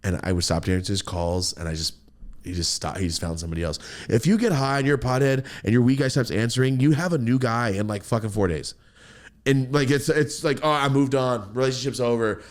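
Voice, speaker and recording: A man casually telling a profane story, jumping into quoted voices. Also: fairly quick. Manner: animated, profane, jumps into high-pitched quoted voices.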